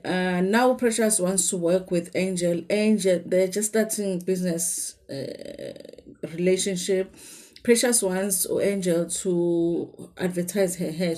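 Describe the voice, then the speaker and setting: A woman's voice: fairly low pitch, a little mellow. A South African woman with a Zulu accent, chatting casually to viewers in a gossipy recap, with many fillers and some Zulu mixed in. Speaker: reality TV commentator.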